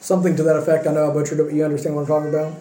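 A man's voice: fairly high pitch, little pitch movement, racing, warm tone, echoey room, a little hiss or hum, rough recording. A man preaching a conversational sermon as pastor, using rhetorical questions. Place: church sanctuary.

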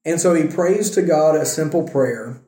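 A man's voice: on the high side, moderate pace, dark tone, roomy sound. A man teaching a casual Bible lesson, retelling a scripture story in a conversational way with wry asides.

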